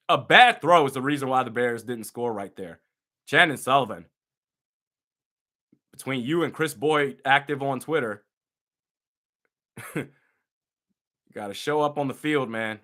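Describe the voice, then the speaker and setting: This is a young male fan commentating live on a football game, his mid-range voice animated and exasperated and punctuated by loud outbursts.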